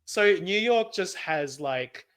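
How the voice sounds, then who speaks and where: A young Australian man co-hosting a podcast, telling stories in a giggly, animated way. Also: sits high, takes it slowly, smooth. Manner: giggly, animated storytelling with frequent laughs. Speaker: podcast co-host. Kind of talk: casual chat.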